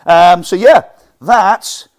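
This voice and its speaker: Animated martial arts instructor man. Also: high-pitched, extremely slow. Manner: animated, acts out what students and teachers say; loud projecting voice from the diaphragm. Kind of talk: teaching talk to fellow instructors.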